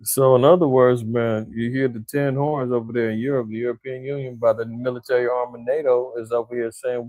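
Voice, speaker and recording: A man hosting a casual news commentary show, talking in an animated, slangy way and mimicking the leaders he quotes. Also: mid-range voice, a little fast, few pauses, no echo.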